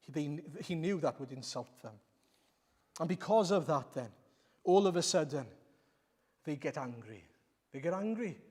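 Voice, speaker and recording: A man's voice: on the high side, animated, moderate pace, long pauses, a little mellow. A man preaching a sermon in a church, emphatic and repetitive, using rhetorical questions. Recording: long reverb of a church hall.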